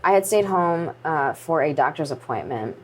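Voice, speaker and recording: Woman, 20s, low-pitched, interview guest, earnest, restarts often, somber. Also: animated. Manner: earnest, halting storytelling with restarts. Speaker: interview guest, pro wrestler. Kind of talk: candid sit-down interview.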